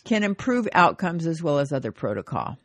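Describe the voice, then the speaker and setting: Lively woman nurse co-hosting. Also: low-pitched, brisk, no echo. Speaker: nurse and radio co-host. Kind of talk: radio health talk.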